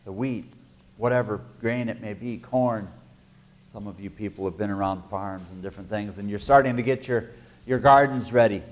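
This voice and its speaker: A man preaching a sermon as pastor, emphatic, with halting restarts, swinging from soft asides to loud declarations. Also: fairly low pitch.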